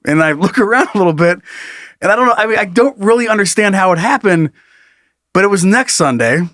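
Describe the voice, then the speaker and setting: Middle-aged male co-host, slightly high voice, dry close sound, lively sweary storyteller. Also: a little fast, dry recording. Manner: animated storyteller, swears often, laughs mid-sentence. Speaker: podcast co-host. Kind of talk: casual chat.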